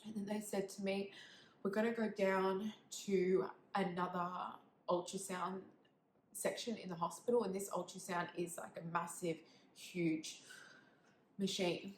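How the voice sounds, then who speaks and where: A young woman speaking in a middle-pitched voice, telling a raw personal story in a halting, emotional way. Her words trail into near-whispers, filled with little fillers. The room sounds echoey, with a faint hum of noise underneath. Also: flat delivery. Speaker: vlogger.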